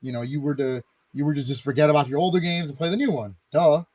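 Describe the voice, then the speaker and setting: A young man hosting a gaming podcast, talking in a casual, animated and jokey way. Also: fairly high pitch, quick pace, no echo. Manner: animated, jokey, playing a game while talking. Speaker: podcast host. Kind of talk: casual chat.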